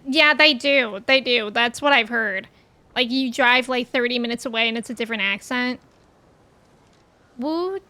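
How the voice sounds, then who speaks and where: Bright-voiced woman streamer. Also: sits high, dry recording. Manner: chatty, reads chat aloud, giggly. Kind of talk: casual chat while playing a game.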